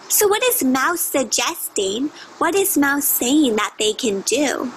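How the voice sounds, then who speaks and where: Bright-voiced woman reading aloud to kids. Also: high voice, slow pace, few pauses, slightly rough, rough recording. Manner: expressive, asks children questions. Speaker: teacher. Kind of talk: read-aloud storytelling for children.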